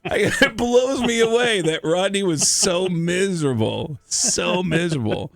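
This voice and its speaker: A man's voice: sits high, a little slow, creaky, dry recording. A male stand-up comedian, a radio guest, telling stories and acting out the voices of the people in them. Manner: animated storyteller, acts out voices. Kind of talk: radio interview storytelling.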